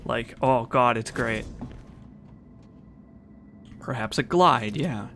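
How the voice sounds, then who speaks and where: A man's voice: medium pitch, takes it slowly, pauses often, fairly bright tone, slight background noise. A man streaming a video game, chatting casually and reading in-game notes aloud. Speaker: let's play streamer. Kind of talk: casual gameplay commentary.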